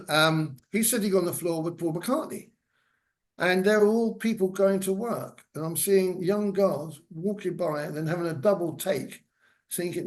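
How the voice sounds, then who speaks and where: A man's voice: high voice, unhurried. An older man, a former hairdresser, telling rambling anecdotes with many fillers as a guest speaker in a lecture. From England. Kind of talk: lecture storytelling. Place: senior center lecture hall.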